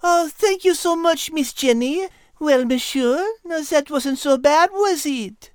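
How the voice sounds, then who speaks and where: A prim, high-voiced animal lady co-host, put on by a man, gracious and teasing in a genteel way. She draws out her words slowly and sweetly. The sound is dry, with soft music underneath. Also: dry recording. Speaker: podcast co-host.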